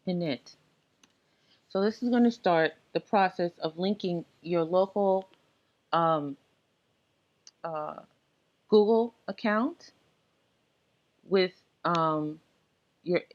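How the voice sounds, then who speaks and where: A tech tutorial presenter, a woman with a slightly low voice, casually talks through software setup steps while recording her screen. She often pauses on fillers like um and uh as she clicks around, and the recording has a dull, lo-fi sound.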